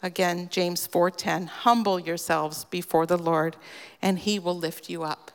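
A woman giving an earnest devotional teaching on a scripture passage, gently emphatic and personal. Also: on the low side, fairly even intonation, measured pace. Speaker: devotional speaker. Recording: long reverb.

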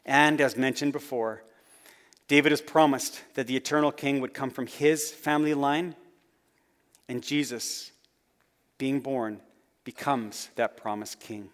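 A man's voice: unhurried, long pauses. Earnest male preacher with a mid-range voice delivering a sermon; long reverb from a large hall. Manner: earnest, rising then dropping to soft low phrase endings. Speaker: pastor.

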